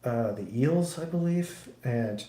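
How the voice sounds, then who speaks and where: A man's voice: medium pitch, animated, slow, warm tone, echoey room. A man livestreaming while he builds a model kit, chatting casually in a rambling, profane way with lots of restarts.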